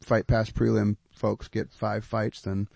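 A man co-hosting a casual podcast chat, steady and agreeable, often repeating his phrases. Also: on the low side, measured pace, creaky, dry recording. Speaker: podcast co-host.

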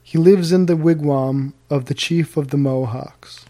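A man's voice: fairly high pitch, measured pace, mellow. A man voicing a tall, gaunt, grim warrior who speaks in a grave and stately way.

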